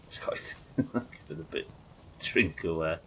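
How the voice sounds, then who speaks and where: A man's voice: deep voice, slow pace, a bit bright. A British man giving casual, chatty, sweary commentary while he plays and builds in a game. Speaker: game streamer. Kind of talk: casual let's-play commentary.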